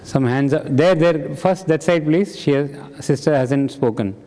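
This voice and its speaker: A man with a fairly high voice leads a spiritual study group, firing questions at the room and warmly affirming each answer. His words ring out with the long reverb of a large hall. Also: unhurried. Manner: questioning and encouraging the audience. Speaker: satsang discussion leader. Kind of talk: interactive spiritual class.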